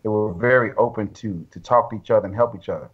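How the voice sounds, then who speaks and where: A man in his forties talking in casual chat, reflective and relaxed, with slang and asides like "you know what I mean". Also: on the low side, quick pace, breathy edge, lo-fi sound. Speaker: guest.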